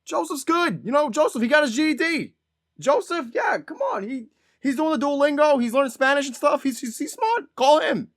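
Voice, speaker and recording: A man putting on a loud, boastful Boston family man with an exaggerated Boston accent, rambling proudly about a relative. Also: very high voice, lively intonation, normal speed, dry recording, studio quality, pitched above the performer's own voice, heavily acted. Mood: bragging.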